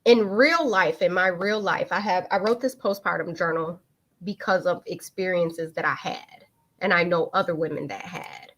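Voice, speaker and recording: A woman's voice: on the low side, normal speed. A woman, hosting a live online talk and candidly telling a personal story in casual speech. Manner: candid, animated, swings into lively quoted voices.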